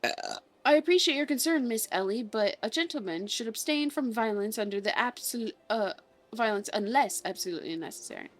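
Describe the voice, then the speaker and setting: A woman playing a puffed-up gentleman detective from a video game, drawling in a southern accent and talking in stately, old-fashioned phrases. A bumbling adult man who takes himself very seriously, with a fairly high voice from the woman putting him on. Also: animated, a little fast. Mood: pompous. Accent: put-on southern drawl. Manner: grandiose, old-fashioned formal diction. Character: pompous bumbling gentleman inspector, male adult. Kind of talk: reading game dialogue aloud.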